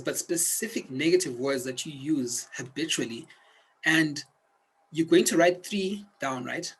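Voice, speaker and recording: A man's voice: on the high side, slightly rough, poor audio. A man teaching a self-help video lesson, speaking earnestly and directly to the viewer like a coach. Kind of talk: instructional video talk.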